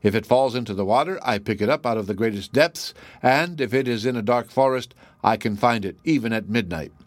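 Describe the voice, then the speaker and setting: A man's voice: mid-range voice, fairly quick, no room sound, lightly acted. A man voicing a modest young hunter brother in a storybook reading, speaking matter-of-factly.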